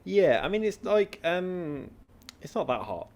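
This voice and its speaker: A man's voice: high-pitched, sing-song, a little slow, a little mellow. A young man from Britain co-hosting a casual film podcast, rambling with lots of filler words. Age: young adult. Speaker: podcast co-host. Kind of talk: casual chat.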